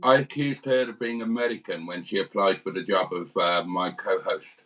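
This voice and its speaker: A man's voice: low voice, normal speed, a bit bright, recorded from a distance, rough recording. British man rambling on a livestream. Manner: rambling anecdotes, calls viewers darlings. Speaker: livestream host. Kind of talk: casual livestream chat.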